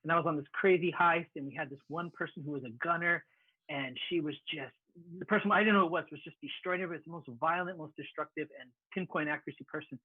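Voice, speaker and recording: A man telling stories in a relaxed stream chat, animated, often stumbling over his first words. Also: a little high, quick pace, slightly rough, no echo. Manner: animated storyteller, repeats words when starting. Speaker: panelist. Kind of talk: casual chat. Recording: tinny phone-like line.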